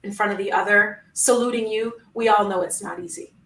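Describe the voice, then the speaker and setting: A woman's voice: mid-range voice, fairly even intonation, fairly quick, fairly bright tone, reverberant, distant mic, rough recording. A woman guest speaking in an emphatic, motivational way, with rhythmic repetition. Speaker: guest, founder of a women's network. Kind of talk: inspirational conversation.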